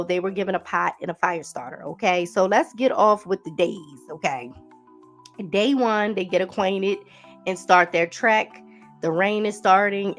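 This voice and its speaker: A woman hosting a podcast, giving a casual recap and talking straight to her listeners. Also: on the low side. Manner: chatty, talks straight to listeners with "y'all" and "honey". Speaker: podcast host. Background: faint background music.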